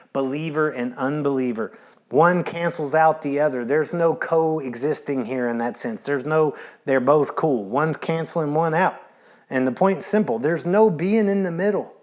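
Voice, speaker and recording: A man preaching a sermon from the pulpit. He speaks at a middle pitch and tells stories in a conversational way, repeating his key phrases and dropping in casual asides. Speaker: pastor.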